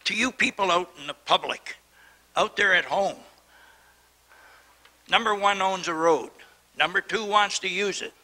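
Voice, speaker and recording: A man's voice: sits high, sharp tone, low-quality recording. A middle-aged man chairing a town council meeting, worked up and indignant as he lectures the council from the chair. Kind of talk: heated council debate.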